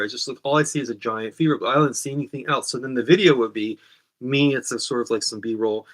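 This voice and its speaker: Hosting his comedy show, a man talks at a slightly quick clip with medium pitch and a somewhat bright tone. He keeps getting sidetracked, rambling and correcting himself as he goes.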